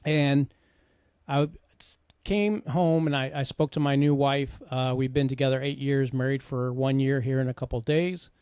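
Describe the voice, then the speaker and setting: A man's voice: medium pitch, little pitch movement, normal speed, darkish tone, clear, resonant tone, no echo, clean studio sound. A middle-aged man, a podcast host and coach, telling his personal story in an earnest, conversational way with frequent asides.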